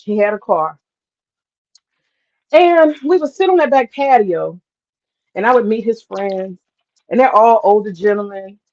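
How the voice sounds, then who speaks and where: A woman's voice: mid-range voice, lo-fi sound. A woman hosting a live stream, telling a story in a candid, chatty way, swearing freely and talking to the chat. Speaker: host.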